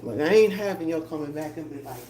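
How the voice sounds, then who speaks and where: A woman's voice: low voice, fast talker, mellow. A woman livestreaming from her home kitchen, chatting casually to her viewers and laughing while she cooks and moves around. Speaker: vlogger cooking on a livestream. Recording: echoey room, voice drifting off-mic, noisy.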